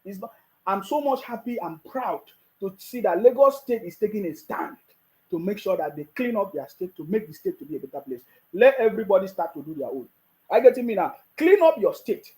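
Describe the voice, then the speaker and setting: A political commentator with a Nigerian accent rants in a mocking, scolding video with frequent restarts. His voice sits high, is expressive, fairly quick, and a little mellow, on a low-quality recording.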